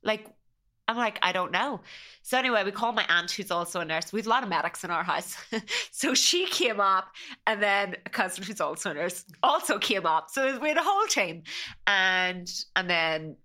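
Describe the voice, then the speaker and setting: A young woman, speaking as a podcast guest. She tells a personal story in a chatty, conversational way, acting out what she and her family said. Her tone is bright and clear, at a middle pitch. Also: animated, moderate pace. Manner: chatty, quoting herself and family with "I was like".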